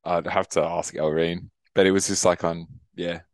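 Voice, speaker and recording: A man's voice: sits low, level tone, moderate pace, no room sound, studio quality. A young man co-hosting a podcast, rambling through stories, laughing often and swearing casually. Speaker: podcast co-host. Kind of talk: casual chat.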